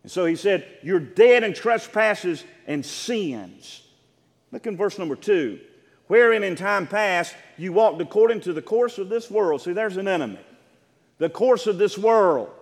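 A man's voice: high-pitched, expressive, in a large hall. A male pastor preaching a sermon, emphatic, drawing out words and calling questions to the congregation. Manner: emphatic preaching with rising shouts and drawn-out words.

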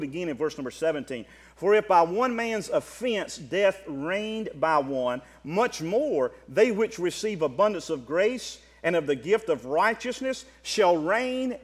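A man with a Southern US accent preaching a sermon, passionate, swinging from loud drawn-out declarations to quiet quick asides. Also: a little high, long reverb tail.

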